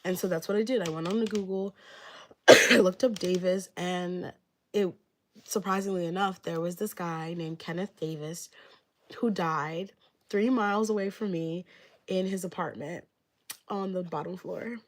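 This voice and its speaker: A woman's voice: fairly low pitch, fairly even intonation, moderate pace. A young woman telling a story on a livestream in a rambling, casual way, filling nearly every phrase with "like". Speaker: livestreamer giving readings.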